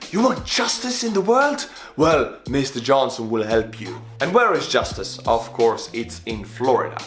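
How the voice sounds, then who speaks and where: A man in his twenties from Estonia, hosting a casual, playful reaction video with jokey shout-outs. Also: on the high side. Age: 20s. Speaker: YouTube host reacting to a video. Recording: roomy echo with faint music.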